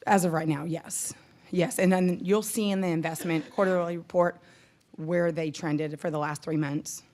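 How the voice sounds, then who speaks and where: A woman's voice: lowish voice, steady tone, moderate pace, a little mellow. A woman, a county treasurer, methodically walking commissioners through a financial report with small self-corrections. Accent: Texan. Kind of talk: presenting a financial report at a public meeting.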